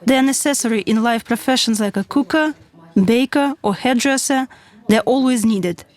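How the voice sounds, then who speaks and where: A woman reading a voice-over translation of an interview, voicing both the questions and the answers in one even voice. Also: a little high, normal speed.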